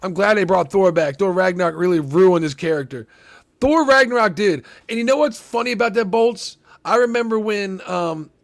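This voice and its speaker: A man hosting a casual trailer reaction, talking in a rambling, profane, excitable way with lots of restarts. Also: high-pitched, moderate pace. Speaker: movie reaction host.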